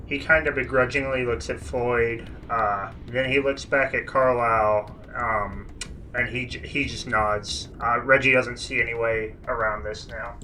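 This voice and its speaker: A man speaking as a player in a tabletop game, measured, hesitant and quietly persuasive. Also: mid-range voice, steady tone, slight background noise. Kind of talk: tabletop role-play.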